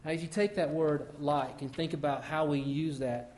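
A middle-aged man delivers a sermon in an easygoing, conversational way, stumbling over and repeating words as he thinks aloud. His voice sits a little high for a man. He talks to the congregation as if chatting with them. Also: steady tone, normal speed, a little mellow, a little hiss or hum. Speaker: pastor.

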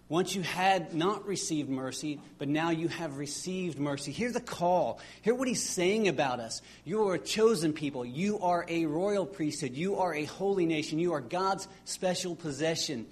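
Male preacher, husky, somewhat high, earnest sermon delivery with halting restarts.

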